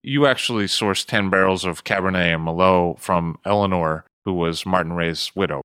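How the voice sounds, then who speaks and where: A male interviewer with a very low voice spells out a web address slowly and clearly, then turns to his guest. The recording is dry with no room sound. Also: a bit bright, no echo. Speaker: interviewer host.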